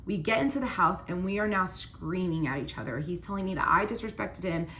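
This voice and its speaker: A woman's voice: medium pitch, fairly quick, hardly any pauses, a bit bright, a little hiss or hum. A young woman telling a personal story in a casual storytime vlog, chatty, with many fillers of "like", acting out quoted lines. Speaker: storytime vlogger.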